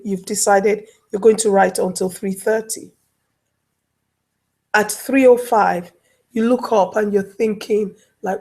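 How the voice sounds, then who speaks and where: This life coach, a woman with a medium-pitched, mellow voice and a breathy edge, chats casually as an interview guest on an online talk show. She tells everyday stories, acting out small scenes as she goes.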